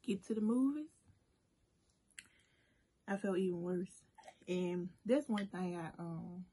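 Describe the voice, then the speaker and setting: A woman with a mellow, slightly husky voice tells a personal story in a loose, chatty way. She talks directly to her viewers and keeps the delivery animated. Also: lowish voice, slow. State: emotional at moments, briefly choked up. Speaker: food vlogger. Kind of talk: casual storytime while eating.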